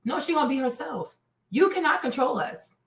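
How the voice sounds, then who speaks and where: A high-pitched woman hosting a reaction stream, gushing and laughing as she talks straight to her viewers. Her voice sits some way back from the mic and rings around a bare, echoey room. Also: lively intonation, fairly quick, a bit bright, recorded from a distance. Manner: effusive, talks to viewers as "y'all", laughs often. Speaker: commentary host. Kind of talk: reaction commentary livestream.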